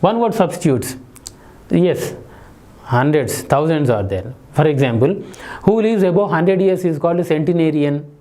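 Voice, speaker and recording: Man lecturing, mellow voice. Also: on the high side, animated, normal speed. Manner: explanatory, spells words letter by letter. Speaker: teacher. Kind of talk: lecture on English phonetics.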